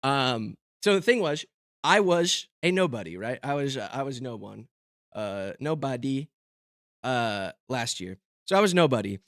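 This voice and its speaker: A man's voice: mid-range voice, animated, measured pace, a bit bright, no echo. Young male streamer, self-mocking rambler, close and dry sound. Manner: rambling, lots of fillers and restarts. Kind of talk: casual stream chat.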